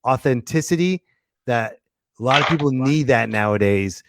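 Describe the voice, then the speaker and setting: A man's voice: mid-range voice, lively intonation, normal speed, background noise. A man hosting a casual podcast interview, enthusiastic and encouraging toward his guest. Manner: enthusiastic, hyping up the guest, calls him man and brother. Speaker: podcast host.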